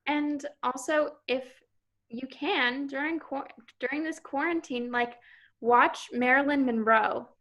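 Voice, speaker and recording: Bright-voiced young woman, hesitant student. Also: high-pitched, takes it slowly. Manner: hesitant, lots of "like" fillers. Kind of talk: casual chat.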